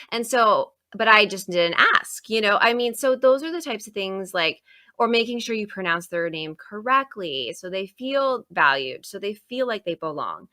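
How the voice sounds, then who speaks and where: Woman podcast host, casual, animated, filler-heavy, bright tone, close dry mic. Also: mid-range voice, dry recording. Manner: animated storytelling with many fillers and restarts. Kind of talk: casual interview chat.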